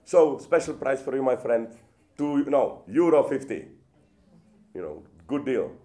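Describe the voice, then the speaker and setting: A man's voice: mid-range voice, big pitch swings, measured pace, warm tone, pitched above the performer's own voice. A man acting out a cheeky, haggling male market seller who bargains in a sing-song way. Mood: wheedling.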